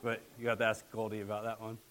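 A young man preaching in a loose, conversational way, tossing in fillers and joking asides. His voice sits fairly low, and he comes across as relaxed rather than formal. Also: fast. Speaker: guest preacher. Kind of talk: sermon.

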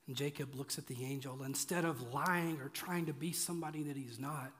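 A man's voice: medium pitch, steady tone, brisk, a bit bright, breathy edge. A man preaching a sermon in a casual, joking way, driving points home with repetition. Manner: conversational, joking, emphatic repetition. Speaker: pastor. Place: church auditorium. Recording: echoey church hall.

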